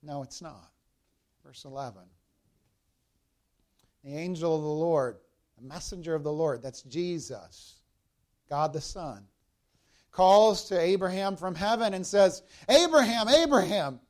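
Man, pastor, sermon, high voice, verse-by-verse preaching, speaks straight to the congregation. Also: measured pace, long pauses, dark tone. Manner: expository preaching, addressing the congregation directly.

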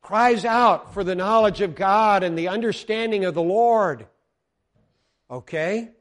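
An American man from Colorado delivers a sermon in a fairly high voice. He moves between loud, ringing exclamations and quiet, earnest asides to his congregation. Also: unhurried. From Colorado, United States. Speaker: preacher.

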